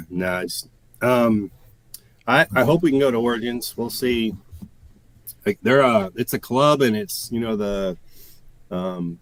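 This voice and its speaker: A man's voice: mid-range voice, takes it slowly, long pauses. A male game designer answering interview questions briefly and casually, often holding back details. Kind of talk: casual live-stream interview.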